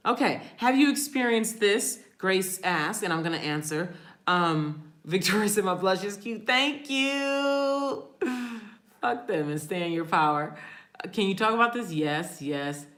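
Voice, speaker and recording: A woman's voice: on the low side, expressive, a little slow, a bit bright. Chatty woman livestreaming in echoey room. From family from New Orleans. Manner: chatty, laughs often, reads comments aloud. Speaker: livestream host. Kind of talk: casual live chat with viewers.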